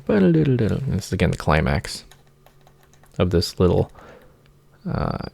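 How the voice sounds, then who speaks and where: Low gravelly man explaining music. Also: very animated, normal speed, a little mellow. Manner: sings motifs with nonsense syllables, hesitant with many fillers. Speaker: music theory teacher. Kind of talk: informal music analysis lecture.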